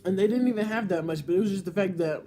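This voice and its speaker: A man's voice: sits high, fast talker, dark tone, faint music behind. Earnest young man, heartfelt vlog talk. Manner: earnest, heartfelt, swears freely. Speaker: YouTuber. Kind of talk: emotional personal vlog monologue.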